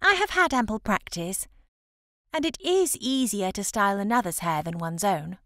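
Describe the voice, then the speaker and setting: A woman's voice: mid-range voice, expressive, normal speed, fairly bright tone, no echo, clean studio sound, close to an everyday voice. Selina, a chatty cheerful young lady, read by a woman.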